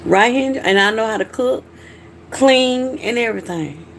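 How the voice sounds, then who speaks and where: Reading comments aloud on her livestream, a middle-aged host from Georgia speaks candidly with a Southern accent. She sounds a little high and animated, fairly bright, at normal speed, with slight background noise.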